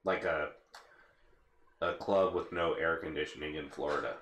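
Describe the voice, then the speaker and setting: A man's voice: a bass voice, normal speed, fairly bright tone, a little hiss or hum. A young man on a casual podcast guessing game, hesitant and full of fillers, swearing now and then. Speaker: co-host. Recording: echoey room.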